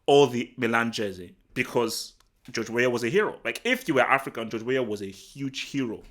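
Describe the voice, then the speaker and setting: A man from Nigeria hosting a live football talk stream, chatting casually and answering the chat in an excitable, rambling way full of restarts. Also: mid-range voice, moderate pace. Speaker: football talk show host. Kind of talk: casual livestream commentary, reading the chat.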